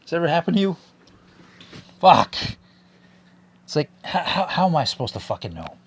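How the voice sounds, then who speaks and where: A man's voice: a little high, very animated, very fast, husky. A man hosting his own podcast alone, talking casually in a profane, exasperated and joking way. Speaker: podcast host. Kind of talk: casual solo podcast rant.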